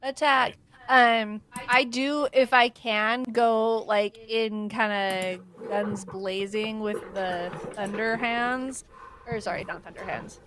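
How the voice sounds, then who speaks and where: A woman's voice: medium pitch, steady tone, takes it slowly, background noise. A woman playing a tabletop game, chatty and easygoing. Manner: easygoing, chatty, laughs often. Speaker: player. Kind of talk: casual tabletop game chat.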